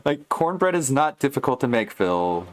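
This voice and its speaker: A man's voice: mid-range voice, big pitch swings, normal speed. A man giving dry, sarcastic reaction commentary over a video.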